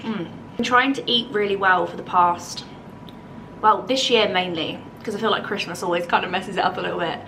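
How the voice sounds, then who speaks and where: A woman's voice: medium pitch, brisk, bright, forceful tone, recorded from a distance, a little hiss or hum, poor audio. A woman with an English accent chatting casually in a home vlog, bubbly and thinking aloud as she tastes food, then tidies the garden. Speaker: lifestyle vlogger.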